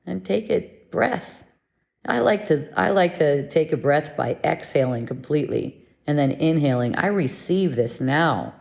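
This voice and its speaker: A woman giving a gentle, meditative spiritual lesson, speaking in a soothing, unhurried way. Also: deep voice, vocal fry. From living in Mexico. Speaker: spiritual teacher.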